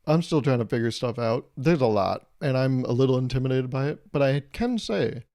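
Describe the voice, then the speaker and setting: Mellow-voiced man in his twenties. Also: medium pitch, animated, fairly quick. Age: 20s. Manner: joking, rambling, swears casually. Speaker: podcast host. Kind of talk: casual solo podcast monologue. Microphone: podcast microphone.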